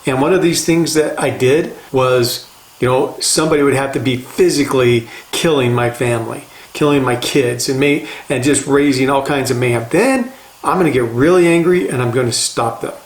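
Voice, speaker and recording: An older man talks as a life coach, earnest and plain-spoken. He leans on repetition to drive his points home, with a voice of ordinary pitch. The room around him echoes noticeably. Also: moderate pace. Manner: earnest, conversational, repeats phrases for emphasis. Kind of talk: motivational talk.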